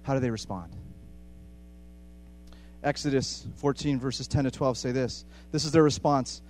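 A man preaching a sermon with passion, repeating phrases for emphasis and swinging between hushed and loud. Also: mid-range voice, measured pace.

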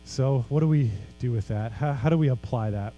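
A man's voice: medium pitch, brisk, warm tone, dull audio, faint music behind. A man preaching a sermon as pastor, earnest and emphatic, with casual conversational asides.

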